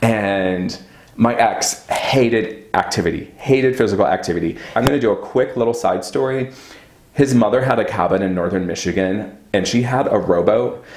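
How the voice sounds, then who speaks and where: Low-voiced man telling a story in a roomy echo. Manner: profane, animated and dramatic, acting out quotes. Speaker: vlogger telling a personal story. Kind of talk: casual storytime monologue.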